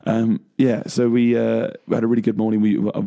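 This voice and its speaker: A man's voice: on the low side, completely flat delivery, fairly quick, creaky, dark tone. A young man, co-hosting a casual chat show, rambling along with many fillers and laughs. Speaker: co-host.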